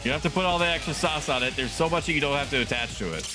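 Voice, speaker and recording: A man's voice: a little high, very fast. A young adult man streaming a game, chatting casually in a rambling, self-deprecating way with chuckling asides. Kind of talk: casual gaming stream commentary. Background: game music.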